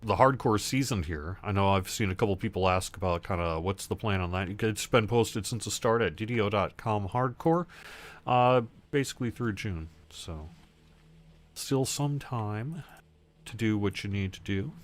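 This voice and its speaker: A man's voice: on the low side, normal speed. A man hosting a casual gaming livestream, chatting loosely and answering viewer questions as he plays. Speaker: livestream host.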